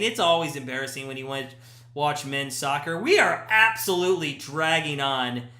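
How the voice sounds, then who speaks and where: A man hosting a live watch-party stream, giving chatty play-by-play that jumps to shouts at big chances. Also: fairly high pitch. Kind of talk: casual watch-party commentary. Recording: echoey room.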